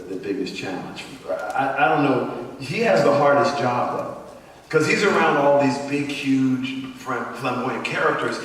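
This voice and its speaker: A man chatting on a convention panel, joking and telling stories quickly. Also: on the low side, fairly bright tone. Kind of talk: casual panel chat. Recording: echoey hall, far from mic, faint noise.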